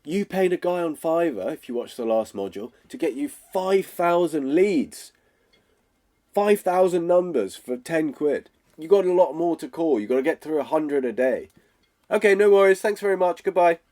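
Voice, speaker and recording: A man's voice: on the high side, lively intonation, normal speed, mellow. A man, teaching sales in a direct, casual way and often checking in with "okay?". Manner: direct, acts out phone calls, checks in with "okay?". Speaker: sales coach.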